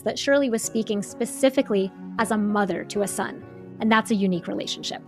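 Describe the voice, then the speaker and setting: A woman hosting a podcast, delivering a calm, earnest scripted monologue in a measured way. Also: medium pitch, soft background music. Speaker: podcast host.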